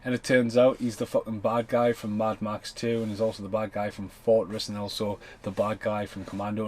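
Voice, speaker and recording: A man's voice: lowish voice, little pitch movement, a little fast, few pauses, poor audio. A man hosting a podcast and commenting on a film while it plays, rambling and swearing in a loose, casual way. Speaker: podcast host.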